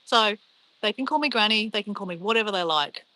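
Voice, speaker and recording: A woman's voice: medium pitch, lively intonation, fairly quick, bright, forceful tone, dry recording, poor audio. A middle-aged Australian woman with an Australian accent, hosting a casual livestream, chatty and upbeat as she reads out chat messages and shrugs off insults. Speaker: livestream host reading chat.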